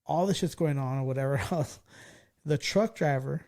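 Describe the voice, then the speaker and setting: Gravelly forties guy from california, cussing a lot, hyped storytelling, kinda dark mellow voice. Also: on the high side, normal speed. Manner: profane, excitable storyteller. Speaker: podcast host. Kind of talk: casual storytelling chat.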